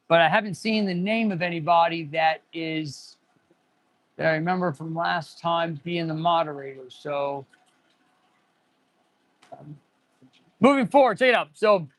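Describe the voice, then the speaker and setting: A man's voice: sits high, fairly bright tone. A man in his forties, an auto mechanic hosting a casual livestream, rambling and answering viewer chat as he goes. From United States.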